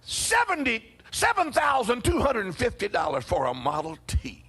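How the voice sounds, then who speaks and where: A pastor telling a funny story during a church sermon, animated and often chuckling as he talks. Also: extremely high pitch, moderate pace.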